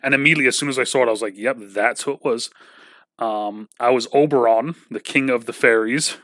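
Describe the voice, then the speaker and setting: A man's voice: medium pitch, fast talker, pushed and bright, dry recording, studio quality. A man from England hosting a casual podcast, talking in a rambling way with lots of filler words and swearing. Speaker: podcast host.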